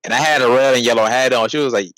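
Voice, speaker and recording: A man's voice: medium pitch, racing, fairly bright tone, dry recording, low-quality recording. A man co-hosting a casual podcast, telling laid-back, profane stories and acting out what people said. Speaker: podcast co-host. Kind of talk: casual chat.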